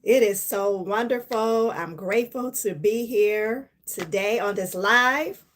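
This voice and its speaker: A woman's voice: mid-range voice, slow. A middle-aged woman hosting a live stream, giving a casual motivational talk in a chatty, emphatic way and laughing often.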